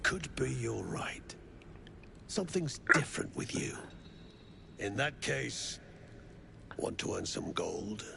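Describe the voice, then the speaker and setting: An actor playing a gruff, greedy mercenary who talks in coarse, threatening slang. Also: male voice, mid-range voice, big pitch swings, slow, pauses often, noisy background, full character voice. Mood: wheedling.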